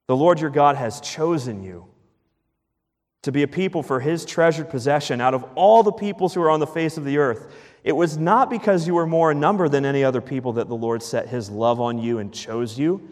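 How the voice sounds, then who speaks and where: With a voice on the high side and a big-room sound, a pastor delivers an emphatic sermon. He repeats key phrases and lets the ends of his lines fall to a hush.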